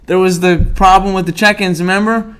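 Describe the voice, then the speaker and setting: A young man hosting a podcast, telling a story in casual chat with laughs and quick self-corrections. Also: sits high, steady tone, a bit bright, clean tone. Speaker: podcast host.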